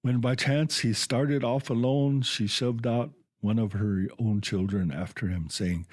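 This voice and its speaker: A man reading a storybook tale aloud on a radio culture program, halting now and then to restart words. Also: mid-range voice, steady tone, darkish tone, no room sound, studio quality.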